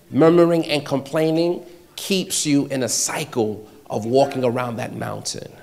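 A man preaching a sermon, repeating short phrases and swinging between loud exhortation and hushed, near-whispered passages. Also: medium pitch, gravelly.

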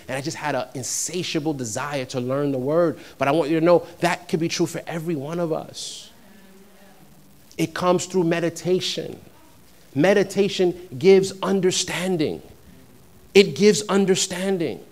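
Man preaching, swinging from quiet to loud. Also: a little fast. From New York. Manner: conversational preaching that builds to loud, high emphatic peaks. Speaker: pastor. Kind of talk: sermon.

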